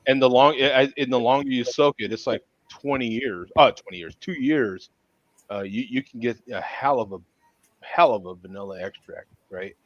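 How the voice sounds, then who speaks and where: A man hosting a casual video-call beer chat, jokey and laughing often, with halting restarts. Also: medium pitch, no echo. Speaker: host. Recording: muffled lo-fi call audio.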